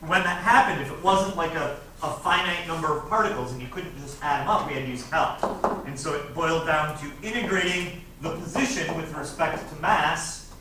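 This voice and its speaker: Heard from a distance in a noisy, echoey classroom, a male physics teacher reviews test problems at a moderate pace. His voice is fairly high, and his lecture style is conversational, peppered with "right?".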